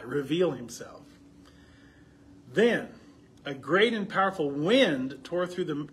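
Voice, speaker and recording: A man's voice: on the high side, fairly bright tone, a little hiss or hum. A man leading a Bible study, asking the group questions and reading passages aloud with rising emphasis. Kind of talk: conversational Bible teaching.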